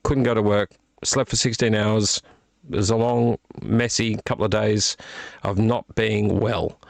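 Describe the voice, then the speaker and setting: A man hosting a casual late-night vlog from a small room at home, his voice strained and croaky from illness, rambling and self-deprecating with many fillers. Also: fairly low pitch, no room sound. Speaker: vlog host. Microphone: attached desktop microphone.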